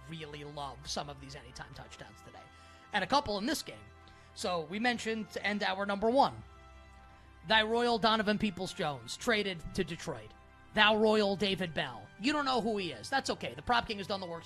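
This sports betting radio host speaks in a high-pitched, very animated, brisk manner with a sharp tone, while faint music plays in the background. His casual rambling is full of "like," and he playfully gives himself a mock-regal title.

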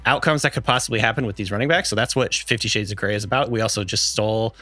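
A man's voice: on the low side, rapid-fire, sharp tone, dry recording, faint music behind. A man co-hosting a podcast, explaining and bantering in an offhand, teasing manner. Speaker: podcast co-host. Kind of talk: casual podcast chat.

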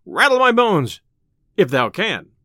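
A man's voice: high voice, big pitch swings, moderate pace, a bit bright, no echo, clean studio sound. A man doing a jovial outlaw leader. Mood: merry. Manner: jovial, hearty and boisterous. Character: merry bold male outlaw leader.

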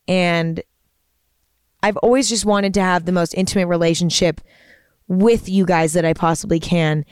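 A woman hosts a podcast in a casual, earnest, rambling manner, full of fillers and restarts. Her voice is fairly low, darkish and smooth, recorded on a studio microphone with clean sound and no room echo.

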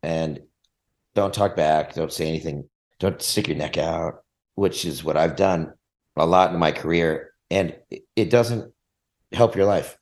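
A man's voice: low-pitched, measured pace. A man, a punk band frontman, telling stories in a casual interview and acting out the people in them. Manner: animated, acts out voices in his stories.

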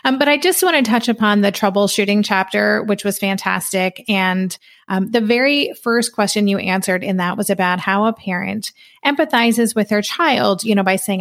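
A woman hosting a podcast interview, asking thoughtful questions in a friendly, conversational way with soft laughs. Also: mid-range voice, moderate pace, creaky. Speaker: podcast host.

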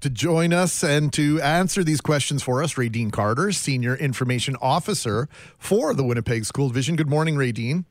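A man co-hosting morning radio, asking a guest questions in a polite, measured way. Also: medium pitch, lively intonation, no echo. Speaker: radio co-host.

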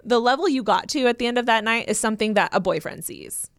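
A woman's voice: a little high, lively intonation, fast talker, dry recording, clean studio sound. Young woman chatting on a podcast. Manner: chatty, laughs often, reads letters aloud with asides. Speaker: podcast co-host reading listener letters. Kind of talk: casual podcast chat.

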